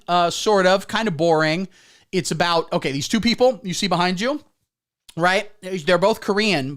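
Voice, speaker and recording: A man hosting a comedy livestream, delivering a satirical monologue in the style of a mock pundit, with deadpan asides. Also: high voice.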